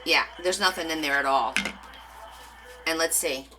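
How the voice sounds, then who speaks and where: A woman's voice: deep voice, unhurried, heavy background noise. A woman hosting a live craft stream, chatting casually with her viewers and answering their comments as she demonstrates. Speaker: craft livestream host.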